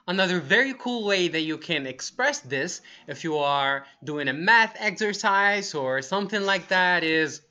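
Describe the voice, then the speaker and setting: A young man teaching English phrases for feelings in an upbeat way, repeating each phrase slowly and acting the emotion out. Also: fairly high pitch, expressive, sharp tone. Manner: upbeat, acts out each feeling in slow demonstrations. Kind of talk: lively language lesson. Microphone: wearing earphones on camera.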